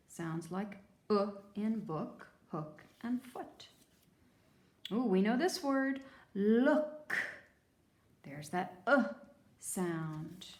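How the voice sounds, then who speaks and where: A woman teacher leading a children's phonics lesson, prompting young learners in a slow, sing-song way and drawing out the sounds. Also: medium pitch, roomy sound. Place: room with table.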